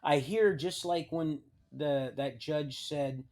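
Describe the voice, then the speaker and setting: Rambling man with halting, restarting speech. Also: a little high, a little mellow. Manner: halting, many restarts and trailing sentences; reads documents aloud with wry asides. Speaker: livestream host. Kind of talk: rambling personal storytelling.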